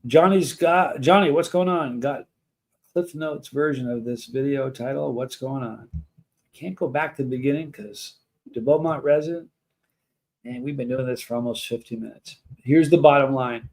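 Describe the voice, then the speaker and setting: A man's voice: medium pitch, normal speed, darkish tone. A man hosting a livestream, talking earnestly and emotionally to his chat, rambling and restarting his sentences. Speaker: livestream host.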